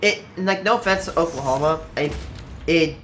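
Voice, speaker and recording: A man's voice: fairly high pitch, moderate pace, bright, forceful tone, a little hiss or hum. A man chatting casually on a livestream while he plays, rambling with lots of "like" and restarts. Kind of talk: casual chat while playing a game on stream. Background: clear background music.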